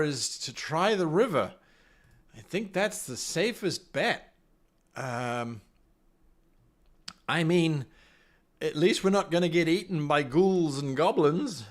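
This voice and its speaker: A man acting as game master, reading a solo gamebook aloud on a live stream and chatting with viewers. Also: a little high. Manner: chatty, talks to the stream chat, reads passages aloud.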